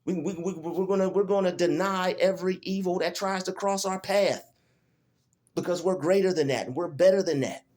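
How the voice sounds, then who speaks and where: Male vlogger, fairly high pitch, preachy defiant rant in a small room. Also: normal speed, darkish tone. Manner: defiant and preachy, repeating phrases. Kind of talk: emotional self-filmed rant. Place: small rented room indoors.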